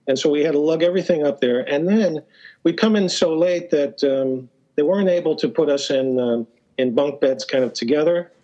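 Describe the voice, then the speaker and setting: Guesting on a podcast, a man tells stories casually, with plenty of hesitations, restarts and fillers, chuckling now and then. His voice is on the high side and mellow, at a moderate pace, with the highs cut off.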